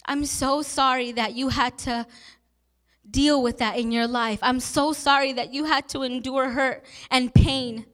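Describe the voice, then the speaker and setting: A woman's voice: sits high, steady tone, unhurried, a bit bright. A young adult woman pastor preaching a sermon, telling personal stories in an earnest, emotional way.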